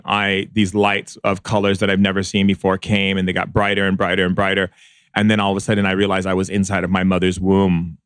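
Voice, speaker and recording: A man speaks as a podcast guest, telling a long personal story in a slow, reflective way full of pauses. His voice sits very low and stays flat and even. The recording is dry and close. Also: clear, resonant tone, no echo.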